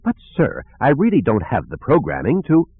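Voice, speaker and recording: A man's voice: mid-range voice, wildly swooping pitch, normal speed, slightly rough, pitched above the performer's own voice, heavily acted. A man voicing a fussy, overly formal male protocol droid, prim and anxious. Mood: fussy, eager. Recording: narrow phone-like sound.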